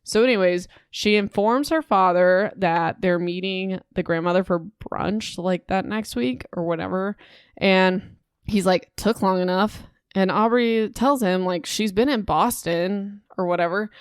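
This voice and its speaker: A young woman hosts a podcast, recapping a book in a casual, animated style full of "like"s and indignant asides. Her voice is smooth and clear at a middle pitch. The recording is dry and close. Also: a little slow, hardly any pauses, dry recording. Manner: animated, indignant, chatty with many "like"s. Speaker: podcast host.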